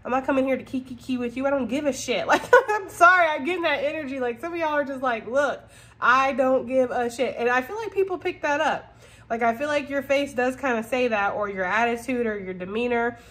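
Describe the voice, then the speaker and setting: A woman with a fairly high voice gives a casual tarot reading straight to her viewers. She is blunt and swears freely. She laughs often and keeps checking in with "okay?". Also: fast talker. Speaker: tarot reader.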